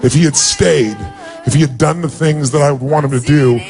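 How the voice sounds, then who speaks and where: A man giving a motivational speech, telling a personal story in a heartfelt way, with big swings from raised, urgent lines to low, quiet ones. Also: fairly even intonation, fairly quick, soft background music. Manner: heartfelt, dramatic pitch swings, drops low for emotional beats. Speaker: motivational speaker.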